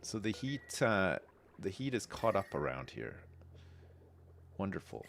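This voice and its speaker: A man with a somewhat low voice talks through a game as he plays it, thinking out loud and often pausing on fillers. His remarks jump between planning and cheerful reactions. A faint background hiss sits under his voice. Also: gravelly. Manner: rambling, thinks aloud with frequent fillers and quick excited reactions. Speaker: game streamer. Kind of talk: casual gameplay commentary.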